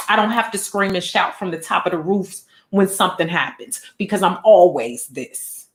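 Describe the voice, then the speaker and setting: A woman vlogger, speaking earnestly and emotionally, near tears, repeating lines for emphasis. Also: mid-range voice. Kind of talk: emotional direct-to-camera vlog talk. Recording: roomy echo.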